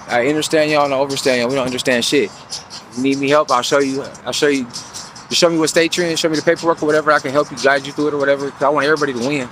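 A man's voice: fairly high pitch, a bit bright, a little hiss or hum. Profane, slangy man with a raised voice. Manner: profane, slangy, keeps asking "you feel me". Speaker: vlogger giving financial advice. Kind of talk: casual storytelling monologue.

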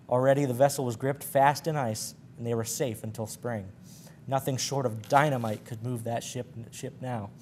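A man's voice: mid-range voice, a little mellow, slight background noise. A man presenting a library program, reading sailor yarns aloud with slips and chuckles. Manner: stumbling, laughing at his slips.

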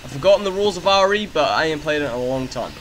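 A man doing excitable let's-play commentary, yelling and trash-talking the enemy as he plays. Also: a little high, racing, a little hiss or hum. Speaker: gaming YouTuber. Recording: game music loud behind the voice.

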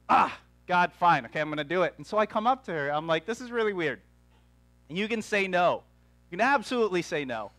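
A young adult man preaching a sermon as pastor, telling a story with quick, animated asides. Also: high voice, no room sound. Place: church.

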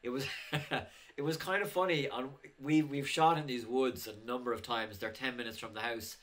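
A man's voice: medium pitch, steady tone, normal speed, a bit bright. A man talking casually on his filmmaking vlog, telling rambling anecdotes full of chuckles and fillers. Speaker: indie filmmaker.

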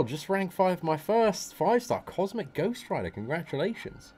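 Lively-voiced man streaming a mobile game. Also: mid-range voice, moderate pace, hardly any pauses. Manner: swears and erupts in frustrated outbursts; chats to his viewers between fights. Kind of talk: live gameplay commentary.

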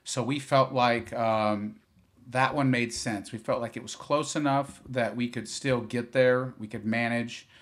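A man's voice: mid-range voice, a little slow. Rambling business founder, man. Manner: relaxed, rambling with many fillers and restarts. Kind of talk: podcast interview.

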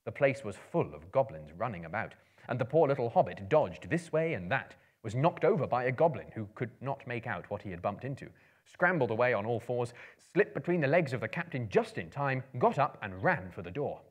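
A man giving a theatrical storybook reading to a live audience, swelling and hushing for suspense. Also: medium pitch, very animated, fairly quick. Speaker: performer of dramatic readings. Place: live performance venue.

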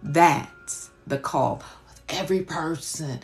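Woman preaching live, low gravelly voice, soft music under her. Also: animated, measured pace. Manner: impassioned, colloquial, repeats rhetorical questions. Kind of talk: live-streamed teaching sermon.

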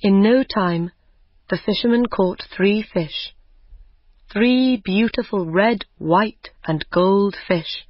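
Audiobook narrator, very slow, careful, dry dull lo-fi sound. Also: medium pitch, no room sound. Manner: slow, careful, clear reading. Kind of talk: simple audiobook reading for learners. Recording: dull lo-fi recording.

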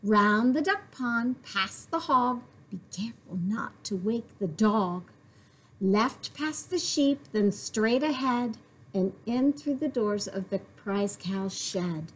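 A woman voicing two sneaky male thieves who whisper their plan in slow steps. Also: a little high, animated.

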